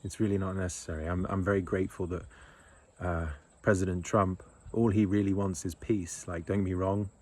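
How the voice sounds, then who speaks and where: Low husky guy in his 30s, blunt and sweary, rambles with ums and little laughs. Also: little pitch movement, normal speed, a little mellow. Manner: blunt, swears freely, rambling with fillers and chuckles. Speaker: men's retreat leader. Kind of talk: casual monologue.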